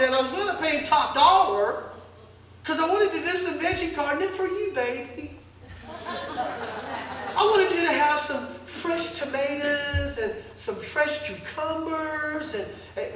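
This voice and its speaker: A man's voice: very high-pitched, fairly bright tone, slight background noise, exaggerated voice. A man voicing a whiny, self-pitying grown king who pleads and sulks. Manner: pleading, sulky and coaxing. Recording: echoey hall, distant mic.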